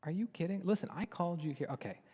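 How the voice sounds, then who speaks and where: A man's voice: high voice, animated, fast talker, dark tone, slightly rough, in a large hall, pitched above the performer's own voice. A man voicing an impatient, bossy king from an ancient tale who speaks in a pushy, exasperated way.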